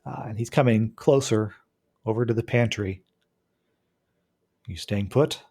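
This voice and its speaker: Mellow-voiced male game master. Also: on the low side, vocal fry, husky. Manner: descriptive, halting. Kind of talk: narrating a tabletop game.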